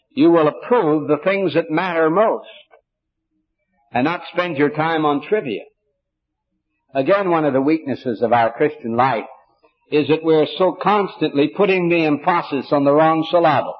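A man preaching a sermon, teaching in a measured, earnest way with frequent restarts. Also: medium pitch, muffled recording.

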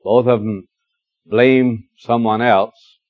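A middle-aged man preaches through a scripture passage, lingering on key words and slipping in wry asides. His voice has a medium pitch. The recording is dull and dry, like an old cassette. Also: fairly even intonation, no room sound. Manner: warm storytelling, gently humorous, reads scripture slowly. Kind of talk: expository sermon.

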